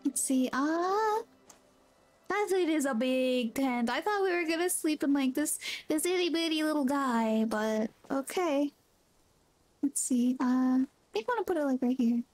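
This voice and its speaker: A woman streamer chats casually while she plays, greeting viewers and reading out their messages. Her voice is high and friendly. Soft background music runs beneath her talk. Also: animated, measured pace. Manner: chatty, reads chat aloud, friendly greetings. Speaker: game streamer. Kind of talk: casual gameplay chat.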